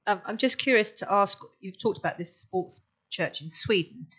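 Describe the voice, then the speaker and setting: An older woman in the audience asks a friendly, curious question. Her voice sits at a middle pitch. She is off the mic, and the recording is dull and lo-fi. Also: lively intonation, moderate pace, a bit bright, husky. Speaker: audience member asking a question.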